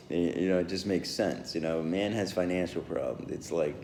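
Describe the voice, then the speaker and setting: A man's voice: deep voice, normal speed, darkish tone, echoey room, slight background noise. A man rambling through a solo podcast monologue, full of fillers and restarts, with chuckles along the way.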